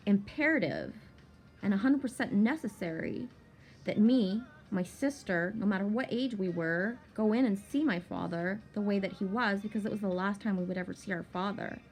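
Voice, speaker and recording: A woman's voice: medium pitch, darkish tone. A woman telling a rambling personal story in a casual vlog, swearing freely and talking animatedly.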